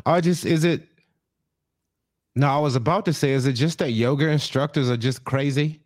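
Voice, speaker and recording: A man's voice: medium pitch, moderate pace, dry recording, clean studio sound. A man co-hosting a podcast, talking emphatically and swearing freely in casual comedic chat. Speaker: podcast co-host.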